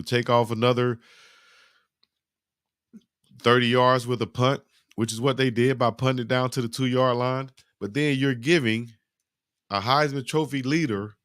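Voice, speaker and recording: A man hosting a live football highlight reaction, giving animated, slangy play-by-play and talking to his chat. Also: dry recording, studio quality. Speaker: sports reaction host.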